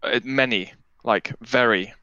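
A man's voice: mid-range voice, a little slow, bright, forceful tone, dry recording, dull audio. A man co-hosting a casual podcast, trading playful, joking banter. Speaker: podcast co-host. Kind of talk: casual chat.

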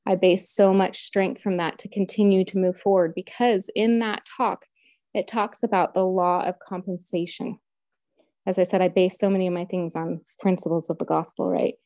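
A woman's voice: fairly low pitch, steady tone, normal speed, dark tone, dry recording. A woman telling a personal story in an interview, in an earnest, emotional way. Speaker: interview guest.

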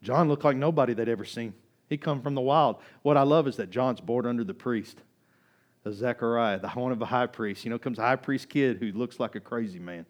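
A male pastor preaching a sermon, swinging between loud fervent peaks and soft, low asides, talking conversationally with restarts and repeated words. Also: fairly quick.

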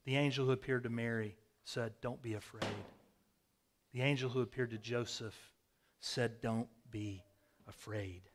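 A man preaching a sermon, telling vivid stories with sudden swings from loud bursts to quiet, hushed phrases. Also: medium pitch, steady tone, unhurried, a little hiss or hum. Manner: storytelling, dramatic swings in loudness. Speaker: pastor. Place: rural home with a hayfield.

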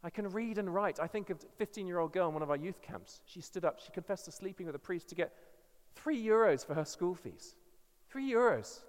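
English man, earnest emphatic sermon, high voice, long church reverb. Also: a little fast. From England. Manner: earnest and emphatic, with frequent restarts. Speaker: guest preacher.

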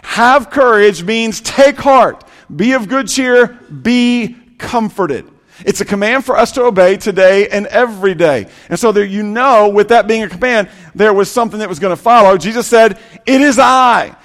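High-voiced man preaching in a reverberant hall. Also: moderate pace. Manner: preaching with rising and falling intensity, repetitive emphatic lists. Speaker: pastor. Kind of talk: sermon.

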